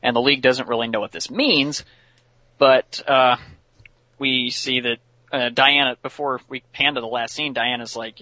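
A man's voice: medium pitch, unhurried, pushed and bright, dry recording. A man casually retelling a cartoon episode as podcast host, chatty with many fillers. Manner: chatty, many fillers, laughs while telling.

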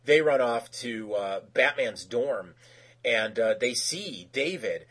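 A man talks through an episode recap in loose, casual chat, stopping often with fillers and restarting his sentences. His voice is husky, and his pitch is middling. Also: animated, slow, a bit bright. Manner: rambling, lots of fillers and restarts; acts out quoted characters in raised voices.

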